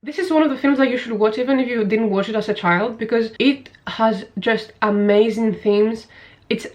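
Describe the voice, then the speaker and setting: A woman's voice: fairly high pitch, normal speed. Young woman, vlogger, gushing and emotional, tearful at times. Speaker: video essay creator. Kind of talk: emotional personal vlog.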